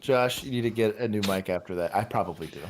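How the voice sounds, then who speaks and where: Low-voiced guy from texas cracking jokes on a livestream, bit of hiss behind him. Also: fast talker. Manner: joking, rambling, laughs often. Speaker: livestream co-host. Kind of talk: casual livestream chat.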